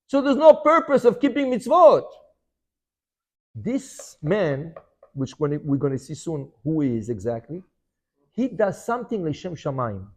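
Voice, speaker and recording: A rabbi teaching an animated Torah class, firing rhetorical questions and mixing in Hebrew terms. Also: male voice, sits high.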